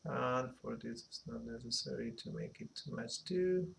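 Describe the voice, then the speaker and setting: A man giving an unhurried animation software tutorial, thinking aloud as he works, with a slight phrasing. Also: medium pitch, vocal fry, slight background noise. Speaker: animation instructor. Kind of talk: screen-recorded software tutorial.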